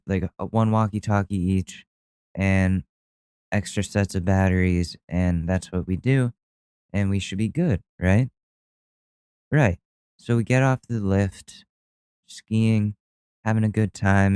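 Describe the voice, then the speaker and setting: Solo podcast host, male, low-ish clean voice, dry close sound, rambles and laughs at himself. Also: a little mellow, clean tone, dry recording. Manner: rambling, self-deprecating, many restarts and fillers. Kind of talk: casual storytelling monologue. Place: at home.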